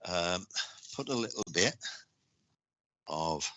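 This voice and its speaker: A man giving live psychic readings on a stream, speaking haltingly with lots of repeated words and restarts. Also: low voice, lively intonation, pushed and bright, no room sound. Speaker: psychic reader.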